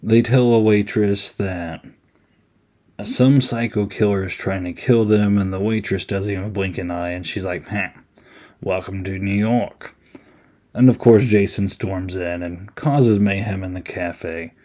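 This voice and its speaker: Solo podcast host, male, low mellow voice, loose and amused, filler-heavy. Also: fairly even intonation, measured pace. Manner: rambling, amused, many ums. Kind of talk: casual solo movie review.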